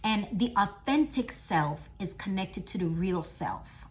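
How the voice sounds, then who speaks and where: A middle-aged woman speaks in a motivational talk, with a voice at an everyday middle pitch. She stresses her points with repeated phrases and swings between loud declarations and hushed lines. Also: expressive, measured pace.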